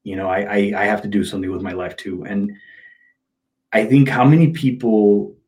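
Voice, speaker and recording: A man telling personal stories in a casual podcast chat, animated and emphatic. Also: fairly low pitch. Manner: animated, emphatic, slips into quick impressions. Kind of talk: casual storytelling.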